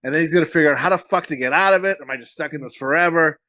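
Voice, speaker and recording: A man hosts a loose movie-review podcast, rambling from one thought to the next with plenty of swearing and laughter. His voice sits high and bright. The recording is dry and close. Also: no room sound. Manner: profane, rambling and quick to laugh. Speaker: podcast host. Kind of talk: casual movie-review chat.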